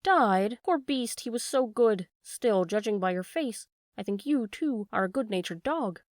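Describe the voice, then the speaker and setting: A woman's voice: fairly high pitch, expressive, measured pace, no echo, clean studio sound. A woman voicing a sly weasel thief who speaks in a sweet, coaxing way, in a storybook reading. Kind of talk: storybook read-aloud.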